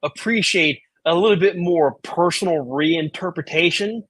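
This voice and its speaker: A man's voice: on the high side, normal speed, fairly bright tone, no echo. Profane, rambling podcast co-host man. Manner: rambling, profane, self-mocking. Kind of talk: casual chat.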